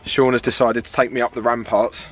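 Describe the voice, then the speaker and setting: A man's voice: mid-range voice, level tone, fairly quick, background noise. A British man narrating a casual travel vlog outdoors, chatty and joking. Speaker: vlogger. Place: outdoors at a castle.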